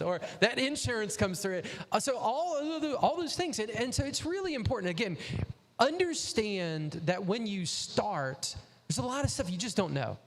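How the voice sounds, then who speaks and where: A man's voice: sits high, sing-song, normal speed, in a large hall. A man hosting a casual interview, giving advice and acting out short quoted exchanges. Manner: advisory, acts out quoted dialogue. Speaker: host.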